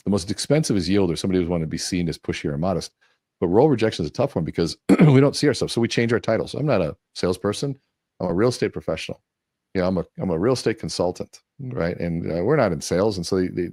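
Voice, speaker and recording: A man's voice: deep voice, no room sound, clean studio sound. A man speaking as a guest in a conversational interview, telling stories and acting out quoted dialogue. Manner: animated storyteller acting out quotes.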